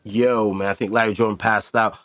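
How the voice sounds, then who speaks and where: A man's voice: on the low side, little pitch movement, a little fast, fairly bright tone, no room sound. A man hosting a podcast in casual chat, emphatic and profane, repeating himself for effect. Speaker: podcast host.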